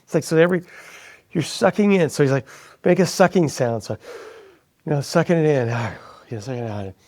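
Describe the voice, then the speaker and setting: A man being interviewed as a guest, telling a personal story in a casual, animated way and dropping into a soft hushed voice when quoting others. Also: medium pitch, brisk.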